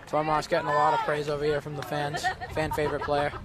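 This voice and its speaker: A man calling a high school baseball game play by play, chatty and self-joking, his voice rising with the plays. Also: completely flat delivery, quick pace, hardly any pauses, a loud crowd. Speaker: play-by-play announcer. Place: outdoors at a ballfield. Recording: outdoor noise with passing traffic.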